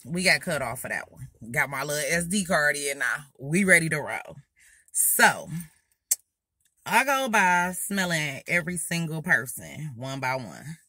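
A young woman beauty vlogger telling a story while doing her makeup, animated and loud, acting out what people said. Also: deep voice, a little slow, breathy edge, no echo, studio quality. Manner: animated, loud, acting out quotes in Southern US slang.

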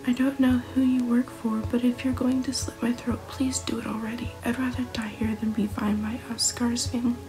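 A woman's voice: fairly high pitch, little pitch movement, a little fast, hardly any pauses, music in the background, natural voice, rough recording. A woman voicing a nervous, cowering male dwarf shopkeeper in a whispered role-play, pleading and jumpy. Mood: desperate.

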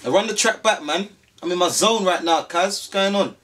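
An actor playing a restless young gang member who talks in casual street slang. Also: male voice, sits high, a little fast, fairly bright tone, distant mic. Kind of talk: indie street film acting.

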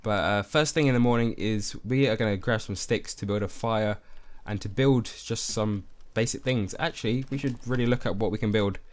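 A young man giving excitable let's-play commentary, easily spooked and talking to his viewers. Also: fairly low pitch, moderate pace. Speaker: gaming YouTuber.

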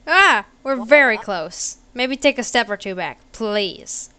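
A woman's voice: a little high, lively intonation, measured pace, pushed and bright, clean tone. A woman giving chatty, giggly, self-deprecating commentary as she plays a computer game at home. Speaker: gaming video creator.

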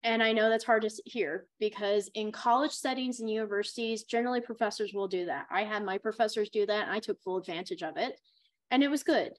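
A woman's voice: mid-range voice, quick pace. A woman acting coach and teacher giving a workshop talk on auditions in a chatty, encouraging way.

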